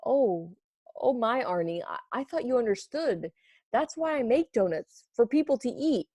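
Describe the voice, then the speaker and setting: A woman's voice: a little high, lively intonation, normal speed, warm tone, no room sound, pitched above the performer's own voice. Woman voicing a cheerful kindly baker. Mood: gently puzzled.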